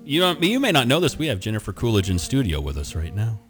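A man's voice: mid-range voice, wildly swooping pitch, fast, fairly bright tone, soft background music. A male radio show host in casual, playful banter, laughing often.

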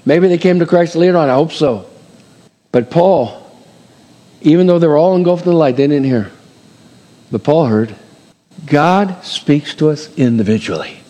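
A man preaching a sermon, his voice swinging between loud and hushed. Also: a little high, moderate pace, pauses often, long reverb tail.

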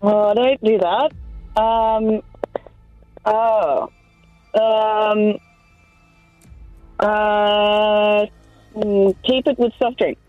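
A woman on a radio phone-in, hesitating and stretching out her fillers. She speaks very slowly, in a dry sound with no room echo. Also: medium pitch, fairly even intonation, phone-quality sound, soft background music. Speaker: caller. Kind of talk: phone-in chat.

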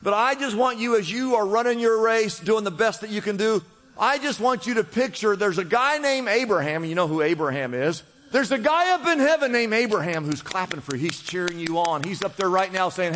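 High-voiced man preaching in a reverberant hall. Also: lively intonation, a little fast, a bit bright. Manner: preaching with rising fervor, repeated exhortations. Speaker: pastor. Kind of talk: sermon.

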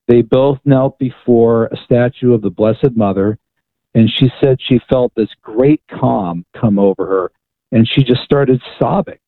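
A male author, a guest on a radio talk show, telling a story with lively restarts and repeated words. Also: mid-range voice, unhurried, no room sound. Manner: animated storyteller with frequent restarts. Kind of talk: phone-in radio interview storytelling. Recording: tinny phone line.

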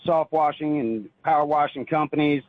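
Caller: a husky, fairly high-voiced man on a narrow, tinny phone line, earnest and rambling, dry sound. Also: moderate pace, no room sound. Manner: earnest, rambling, repeats words when stirred. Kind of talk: emotional call-in storytelling.

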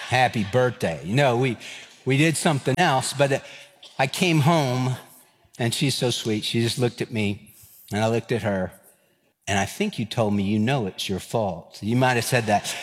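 A man, preaching a sermon and telling a personal story, acting out the dialogue with lively energy. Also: mid-range voice, normal speed, breathy edge, in a large hall. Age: 50s. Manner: animated storyteller, acts out dialogue. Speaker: pastor.

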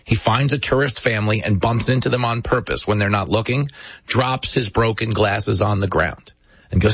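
Brief: emphatic male commentator, husky, dry close mic. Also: on the low side, moderate pace, no echo. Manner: emphatic, sarcastic, animated storyteller. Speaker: talk show host. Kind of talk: political commentary monologue.

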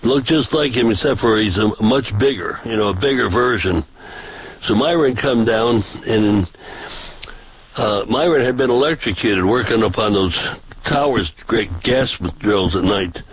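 A man who preaches on the street, telling stories from his protests in a casual, animated way. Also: measured pace, slight background noise, low-quality recording. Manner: animated, pitch jumps for quoted voices. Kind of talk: casual storytelling.

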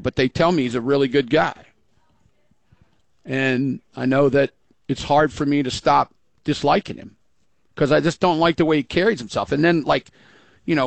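A man's voice: on the high side, creaky, dry recording. A man hosting sports talk radio, blunt and folksy, rambling through his opinions.

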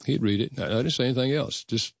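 A man's voice: medium pitch, fast, vocal fry, no room sound, studio quality. An older man, a guest, telling personal stories in an earnest, reflective way and acting out past conversations. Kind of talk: personal storytelling.

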